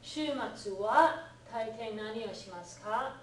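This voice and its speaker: A woman tutor explains grammar in an animated voice, a little high, acting out the examples she gives. She sounds far from the mic in an echoey room with faint background noise. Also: moderate pace. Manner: animated, acts out example lines, laughs often. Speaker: Japanese teacher. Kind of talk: lively one-on-one lesson.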